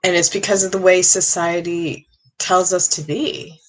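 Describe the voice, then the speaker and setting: A middle-aged woman, a psychic medium, giving an earnest, halting monologue with many restarts. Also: lowish voice, level tone, poor audio. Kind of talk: casual monologue.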